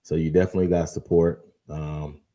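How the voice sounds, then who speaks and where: A man hosting a live-stream interview, speaking in a gentle, measured way with frequent fillers. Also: extremely low pitch, little pitch movement. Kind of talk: live-stream interview, reading viewer comments.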